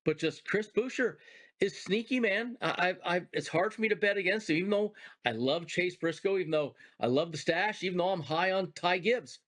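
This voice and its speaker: A former racing driver gives his picks on a betting talk show, emphatic and enthusiastic about his favorites. His voice is a little higher than most men's, and it comes in over a remote call. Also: animated, moderate pace, a bit bright.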